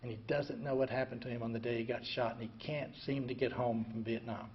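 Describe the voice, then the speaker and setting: An older man telling his own recovery story in an emotional way, going from hushed to loud. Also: mid-range voice, fairly even intonation, fast. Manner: emotional, swings from quiet to loud and laughing. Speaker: veteran speaker sharing a recovery story. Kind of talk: personal storytelling talk. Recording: dull lo-fi recording, faint ambient noise.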